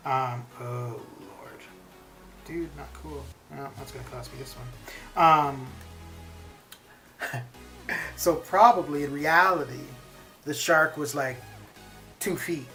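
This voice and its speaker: A man's voice: fairly high pitch, slow pace, long pauses, bright, forceful tone. A man in his forties chatting casually on a live game stream, rambling and answering his chat. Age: 40s. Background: stream background music.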